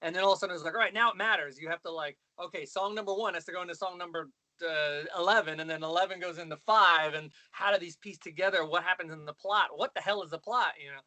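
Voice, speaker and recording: A man's voice: high-pitched, bright, forceful tone, no room sound. A man chatting casually as a musician guest, cursing freely and acting out quoted lines in different voices. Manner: rapid, profane, acts out quoted lines in shifting voices. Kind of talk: casual conversation.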